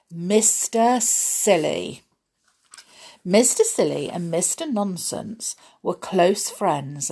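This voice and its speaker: A woman reads a children's story aloud, her voice rising and falling in wide sweeps. She speaks slowly, with a soft, breathy tone, and keeps asking her listeners questions. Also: lowish voice. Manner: animated, asks listeners questions.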